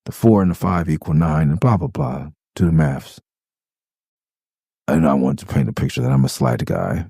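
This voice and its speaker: A middle-aged man talks through the story behind his own song, rambling and laughing. He slips into playful character voices along the way. His voice sits low and mellow, recorded dry and close. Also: gravelly, slightly rough, no echo. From Los Angeles. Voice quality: calls his own voice high pitched. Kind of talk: casual storytelling commentary.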